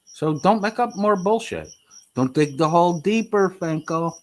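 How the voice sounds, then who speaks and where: A man taunting and mocking as he talks over replayed clips, cursing freely. His pitch swoops up and down constantly. He takes his time, leaning on each jab. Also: expressive, a little slow. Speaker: streamer reacting to clips.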